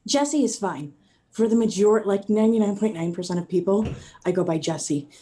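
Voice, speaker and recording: A woman's voice: mid-range voice, lively intonation, moderate pace, dark tone. A woman cohosting a podcast, chatting in an easygoing, talkative way. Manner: chatty, easygoing, laughs often. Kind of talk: casual chat.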